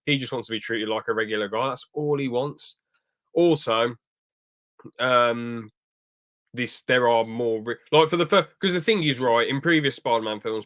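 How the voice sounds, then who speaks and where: A man's voice: medium pitch, a bit bright. A young man reviewing a film on a podcast in casual chat, rambling and restarting his sentences, acting out quotes as he goes. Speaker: podcast host.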